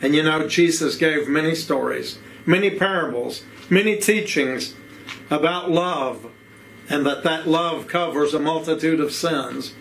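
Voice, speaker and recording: A man with an Appalachian accent preaching a sermon, with rhythmic repeated phrases and rhetorical questions, slowing down to stress key words. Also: fairly high pitch, gravelly, fairly bright tone, a little hiss or hum, low-quality recording.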